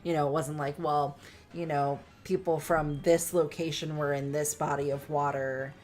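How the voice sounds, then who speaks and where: A woman co-hosting a game livestream, chatting casually and reading viewer comments aloud in a relaxed way. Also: low-pitched, moderate pace. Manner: relaxed, laughs often.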